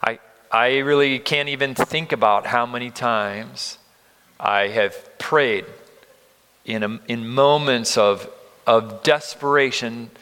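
A man in his fifties preaching a sermon, earnest and emphatic, moving between loud stress and near-whispers. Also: medium pitch, takes it slowly, clean tone. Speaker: pastor. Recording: long reverb of a large hall.

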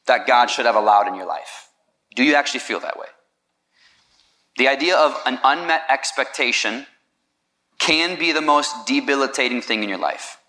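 A man's voice: medium pitch, sharp tone. A man preaching a sermon in a conversational way, asking the listeners questions. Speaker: pastor.

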